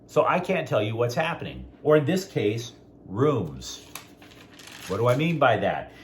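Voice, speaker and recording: Male sports host, mid-pitched, very animated delivery, blunt and opinionated, speaks straight to viewers. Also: unhurried, a little hiss or hum. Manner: outspoken, talks straight to viewers.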